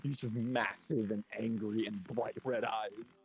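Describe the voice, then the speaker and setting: A man in casual chat, rambling through an animated story with crude language and frequent laughs. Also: fairly low pitch, a little slow, soft background music, low-quality recording.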